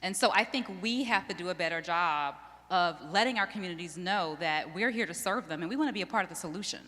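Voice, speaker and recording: A woman's voice: fairly low pitch, fast talker, sharp tone. A woman journalist with a print background speaking earnestly and steadily on a panel. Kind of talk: panel discussion. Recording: long reverb of a large hall.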